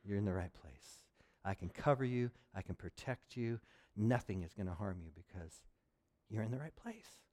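A man voicing a mighty eagle that calmly reassures its young, in a soft, low, reassuring tone. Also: moderate pace, no room sound, natural voice. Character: calm protective mighty eagle, male.

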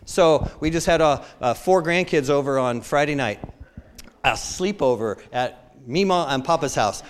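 A man in his fifties preaching a sermon, telling animated stories about himself and acting out quotes with self-mocking humor. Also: on the high side, a little slow, slight background noise.

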